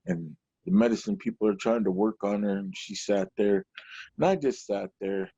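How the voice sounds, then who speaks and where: A man's voice: lowish voice, fairly even intonation, moderate pace, dark tone, husky, no echo. A stand-up comedian from Portland, Oregon, a man telling stories in a loose, rambling way, full of "you know". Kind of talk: conversational storytelling. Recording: dull lo-fi recording, dry.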